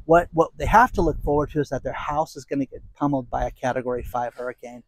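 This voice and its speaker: Speaking quickly at medium pitch, a man rants angrily outdoors for his own commentary channel. He sounds heated and exasperated, tossing in sarcastic asides.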